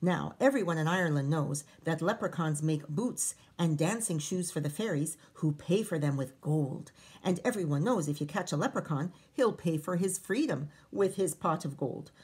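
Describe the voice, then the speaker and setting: A woman teacher reading a picture book aloud to children, expressive, with chatty asides to her listeners. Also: sits low, normal speed, few pauses, slightly rough.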